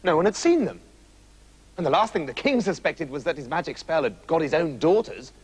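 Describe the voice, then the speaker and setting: A man narrating a comic fairy tale in a playful, animated way with jokey asides. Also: on the high side, a little fast, slightly rough, low-quality recording. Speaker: storyteller.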